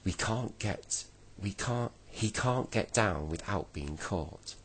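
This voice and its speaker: A man's voice: lowish voice, lively intonation, slow pace, fairly bright tone, husky, pitched above the performer's own voice, full character voice. A man reading a bedtime story, voicing a brave young boy who calls out eagerly and urgently.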